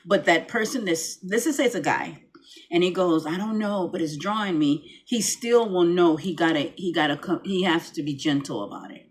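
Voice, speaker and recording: A woman's voice: fairly low pitch, moderate pace. Chatty rambling woman vlogger. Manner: chatty, rambling, many restarts. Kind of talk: casual chat to camera. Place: home room, lights dimmed.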